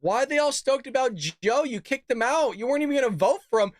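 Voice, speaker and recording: A man's voice: very high-pitched, lively intonation, fast talker, heavy background noise. Mocking man hosting a commentary show. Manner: mocking, sarcastic, calls audience "folks". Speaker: political commentary show host. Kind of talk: casual political commentary.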